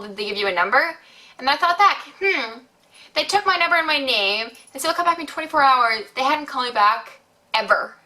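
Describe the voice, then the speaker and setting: A young woman telling a rambling story on her vlog, acting out what people said, with lots of fillers. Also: fairly high pitch. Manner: rambling, animated retelling with many fillers and acted-out quotes. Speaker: beauty vlogger.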